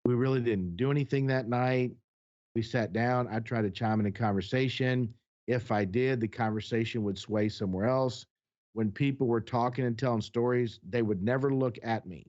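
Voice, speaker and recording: A podcast co-host, a man, tells a heated personal story in a mid-pitched voice. He acts out each exchange with blunt, profane directness. The recording sounds a little dull and lo-fi. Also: normal speed, darkish tone. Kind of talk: casual chat, storytelling.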